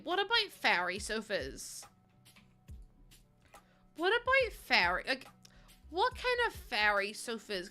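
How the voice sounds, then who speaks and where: A young Northern Irish woman chatting casually on a livestream, unfiltered and prone to laughter and sudden squeals. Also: on the high side. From Northern Ireland. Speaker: streamer. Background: soft background music.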